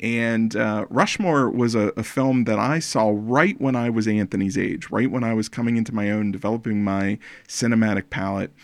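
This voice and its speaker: Playful low-voiced man in his forties. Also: moderate pace, few pauses, no echo. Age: 40s. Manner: playful, teasing, talkative with filler restarts. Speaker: podcast host. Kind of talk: casual film podcast chat.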